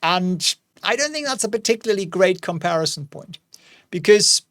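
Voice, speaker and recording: A man's voice: high voice, expressive, normal speed, a bit bright, dry recording, studio quality. A man in his forties hosting a casual investing commentary, chatty with jokey asides. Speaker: host.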